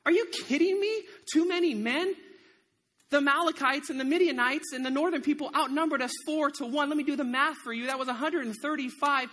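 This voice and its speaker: The biblical farmer-hero Gideon, played by a man in a dramatic monologue, timid yet bold. He tells his tale in a high, animated voice, by turns exasperated and wry. A long hall reverb trails every line. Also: fast talker, hardly any pauses. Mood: incredulous. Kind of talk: first-person dramatic monologue.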